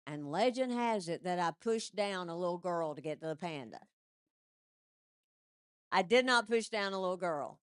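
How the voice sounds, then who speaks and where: A woman comedian telling animated stand-up stories into a stage mic and laughing at her own jokes. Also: lowish voice, no echo, studio quality.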